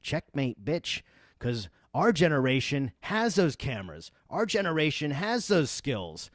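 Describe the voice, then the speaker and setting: A man hosting a livestream podcast, ranting in a heated, profane way that sounds like yelling. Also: a little high, very animated, measured pace, no room sound, clean studio sound. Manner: profane, emphatic. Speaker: podcast host. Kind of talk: livestream rant.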